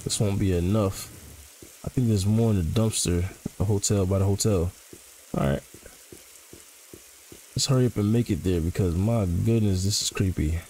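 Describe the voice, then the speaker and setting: A man's voice: low-pitched, normal speed, long pauses, mellow, slight background noise, rough recording. A man casually commentating as he plays a horror game, joking in slang and reacting to what happens. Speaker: gaming channel host.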